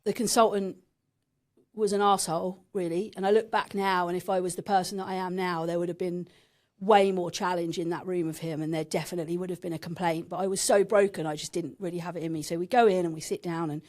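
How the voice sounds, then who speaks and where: A woman's voice: lowish voice, steady tone, fast talker, darkish tone. A woman in her thirties from England, a podcast guest frankly telling a painful personal story and swearing now and then.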